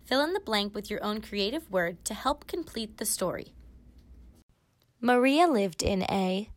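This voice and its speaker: A woman hosts a fill-in-the-blank story game for children, leaving gaps for answers. She speaks very slowly at a mid pitch. The sound is dry and close. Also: expressive, no room sound. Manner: slow, leaving pauses.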